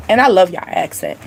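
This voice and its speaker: A woman giving a casual, animated tarot reading, laughing often and speaking straight to her viewers. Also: medium pitch, creaky, background noise. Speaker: tarot reader. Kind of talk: livestream card reading.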